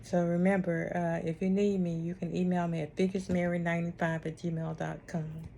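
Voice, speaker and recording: A woman's voice: lowish voice, flat delivery, normal speed, creaky, a little hiss or hum. A woman hosting an online ministry talk, speaking in a casual, heartfelt and reassuring way, repeating her comforting points often. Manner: warm, repetitive, reassuring.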